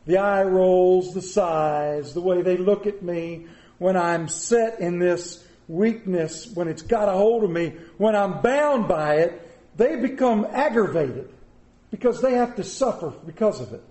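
High-voiced pastor in echoey church. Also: male voice, a little slow, dark tone. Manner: folksy, joking storyteller. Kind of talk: sermon. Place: church sanctuary. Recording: roomy church echo.

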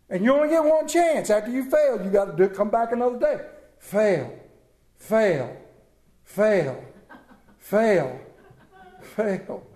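High-voiced man preaching in an echoey room. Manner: animated, comic storytelling. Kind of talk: sermon storytelling.

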